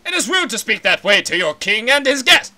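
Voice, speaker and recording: A man's voice: extremely high pitch, big pitch swings, fairly quick, bright, forceful tone, heavily acted. Man doing a vain, gushing fish prince. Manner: boastful, gushing, playful. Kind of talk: comedic fan voice-over of a game.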